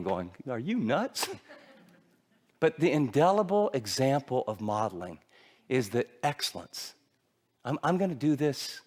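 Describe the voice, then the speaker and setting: A middle-aged man preaching a sermon, telling stories animatedly and acting out the voices of the people in them. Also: mid-range voice. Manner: animated storytelling with acted-out voices. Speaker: pastor.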